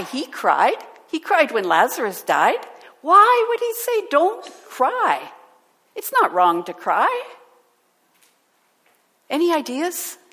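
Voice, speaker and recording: Slow-speaking woman preacher in a reverberant hall. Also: mid-range voice. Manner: animated, asks the audience questions. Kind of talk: sermon.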